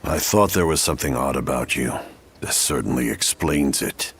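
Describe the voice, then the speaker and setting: An actor playing a proud, fearsome male warlord in a game, speaking slowly and menacingly with a very deep, husky voice. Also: a bit bright, heavily acted. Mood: intrigued. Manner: slow, menacing, appraising. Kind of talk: game voice acting.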